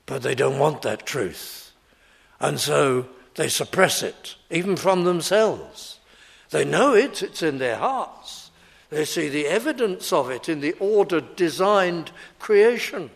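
Slow, lively-voiced male preacher. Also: fairly high pitch, creaky, breathy edge. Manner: emphatic, repeating key phrases for stress. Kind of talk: expository sermon.

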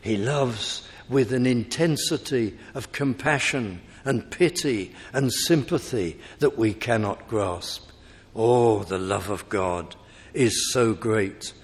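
A man preaches with slow, weighty emphasis. His voice lifts on each appeal and sinks again, and it rings out with a long reverb, as in a large church. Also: mid-range voice. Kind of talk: sermon.

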